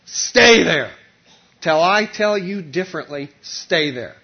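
A man voicing a commanding divine voice from heaven, slow and emphatic. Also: high voice, animated, creaky, dull audio, voice pushed down, full character voice.

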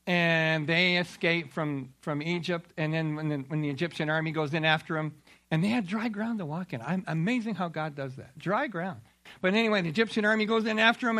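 A man delivers a sermon in a high-pitched voice. His tone is bright and forceful as he retells scripture. He tells the stories in an animated way and gives the figures voices. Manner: animated storytelling with acted-out quotes. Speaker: preacher.

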